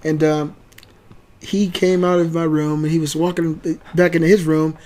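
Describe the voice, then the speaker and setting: A man hosting a channel, telling a family story casually and acting out the quoted lines loudly. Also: a little high, flat delivery, moderate pace. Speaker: channel host and father.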